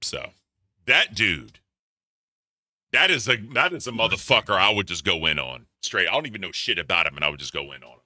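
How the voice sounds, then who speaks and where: A man's voice: low-pitched, big pitch swings, a little fast, pushed and bright, no room sound, clean studio sound. A man co-hosting a casual commentary chat, talking bluntly with lots of swearing and repeats. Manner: blunt, profane, repetitive. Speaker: co-host.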